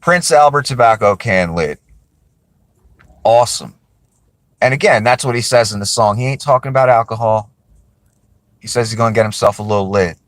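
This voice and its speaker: A man with a lowish voice rambles through a casual chat to camera, often circling back and apologizing. The sound is close and dry, with no room around it. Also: animated, normal speed, pauses often, no room sound. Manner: rambling, apologetic, self-correcting. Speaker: video creator.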